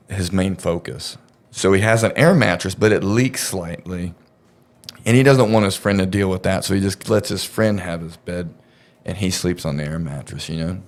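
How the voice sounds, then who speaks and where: A man casually telling a story on a podcast, rambling and profane, with lots of fillers. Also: low-pitched.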